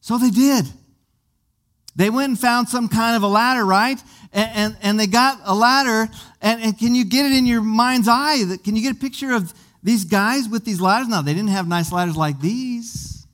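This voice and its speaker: High-voiced man preaching a story. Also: moderate pace, a bit bright. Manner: vivid retelling with many rhetorical questions to the listeners; stumbles and repeats small words. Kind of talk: sermon storytelling.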